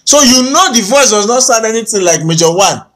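A Nigerian man co-hosting a casual commentary show, mocking and animated as he picks apart a story. His voice sits a little high, and his pitch swings widely from line to line. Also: brisk. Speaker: co-host.

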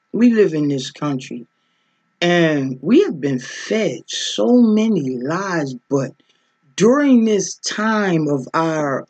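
A woman preaching a spiritual teaching with a husky, breathy voice. She speaks slowly and deliberately, her pitch swinging widely as she presses her listeners with repeated rhetorical questions and a frequent "okay?". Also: darkish tone. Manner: emphatic, asks rhetorical questions, often says "okay?".

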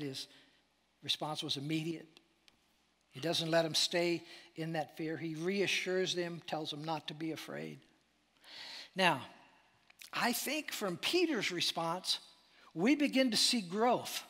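A man preaching a sermon as pastor, animated and dramatic, dropping to a near-whisper for emphasis. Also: sits high, normal speed. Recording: long hall reverb.

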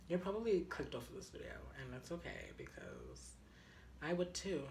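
A woman's voice: lowish voice, wildly swooping pitch, moderate pace, a bit bright, a little hiss or hum. A young woman chatting through a craft project, dramatic and self-mocking, gasping and dropping into whispers. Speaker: crafting vlogger.

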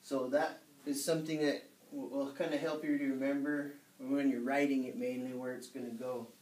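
A man giving a casual spoken language lesson, explaining in a relaxed way with some hesitations. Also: medium pitch, normal speed. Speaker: language teacher. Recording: echoey room, mic at a distance.

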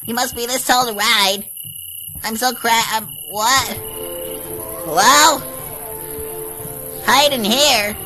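Over faint game music and poor audio, a young gaming channel host narrates her let's play while exploring, jumping at scares and shrieking. Her voice is on the high side, pushed and bright, with fairly even intonation at a measured pace.

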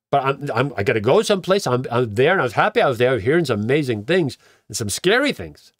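A man's voice: medium pitch, big pitch swings, fast talker, dry recording, studio quality. A man, a pastor, telling his own story in a conversational way, repeating words and acting out what people said to him. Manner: conversational, repeats words, acts out quoted dialogue. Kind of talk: personal testimony storytelling.

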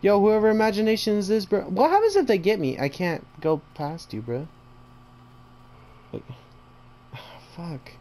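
A horror game player narrates their run, jumpy and full of slang. They chat to the monsters chasing them and break into panicked strings of repeated shouts. The voice sits in a middle range, with a faint hiss behind it. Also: medium pitch, expressive, unhurried, pauses often. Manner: bursts into panicked repeated screams. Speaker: gamer playing a horror game. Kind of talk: horror gameplay commentary.

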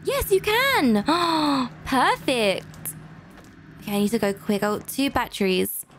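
High-voiced jumpy woman gaming. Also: expressive, slow, a bit bright, a little hiss or hum. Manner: jumpy and easily frightened, gasping often. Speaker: gaming channel host. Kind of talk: let's play gameplay commentary.

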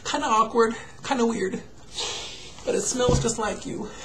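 A man, a father, gently reading a picture book aloud to his young daughter and then speaking to her in a soft, hesitant way at home. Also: extremely high pitch, slight background noise. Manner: gentle, soft and hesitant, with many pauses and fillers. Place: at home, indoors.

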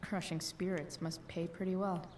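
An actress voicing a rebellious, sarcastic teenage girl in a video game, with a low sardonic drawl. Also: little pitch movement, normal speed, a little mellow, slight background noise, lightly acted.

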